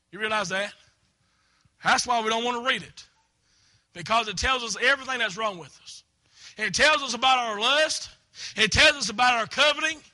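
A man preaching a sermon as pastor in a church, repeating phrases and breaking into emphatic shouts. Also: very high-pitched. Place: church sanctuary.

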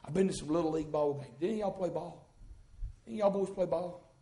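A man preaching a sermon in a church, folksy and rising into fervent shouts. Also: fairly high pitch, fast. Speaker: pastor. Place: church sanctuary. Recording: echoey church room.

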